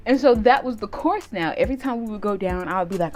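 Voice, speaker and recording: A young woman vlogger telling a storytime tale in casual slang, animated and laughing, breaking into loud shouted reenactments. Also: a little high, fast talker, few pauses, soft background music. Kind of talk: storytime vlog.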